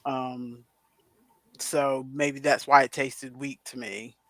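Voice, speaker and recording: A woman's voice: very deep voice, lively intonation, slow pace, gravelly, no echo. A middle-aged woman co-hosting a podcast over a video call, rambling chattily with many asides. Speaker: podcast co-host. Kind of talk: casual chat.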